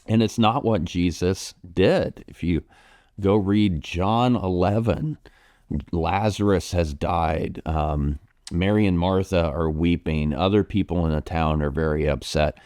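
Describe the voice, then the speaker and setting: A pastor with a low, deep voice and an American accent talks through a congregation's question in a gentle, reflective manner. He pauses with ums and restarts his thoughts as he goes. The sound is dry and close, with no room echo. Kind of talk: pastoral Q&A talk.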